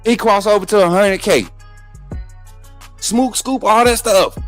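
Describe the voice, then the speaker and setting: A man with a high-pitched voice hosts a live sports talk stream. He talks combatively and repeats himself, speaking straight to his viewers. Faint music plays behind him. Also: measured pace, fairly bright tone. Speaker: sports show host.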